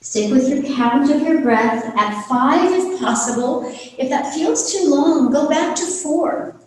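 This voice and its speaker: A woman leads a gentle yoga session, talking very slowly and calmly as she guides each breath and pose. Her voice sits a little high. The sound is distant and roomy, with a long echo trailing off her words. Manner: slow, calm, soothing cues. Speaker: yoga teacher. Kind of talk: guided yoga class instruction. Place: home studio on a live video call. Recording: roomy echo from far off the mic.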